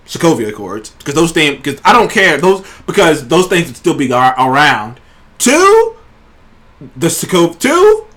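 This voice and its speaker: A man hosting a casual trailer review show, talking in an excited, rambling way and swearing freely. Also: fairly high pitch. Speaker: show host.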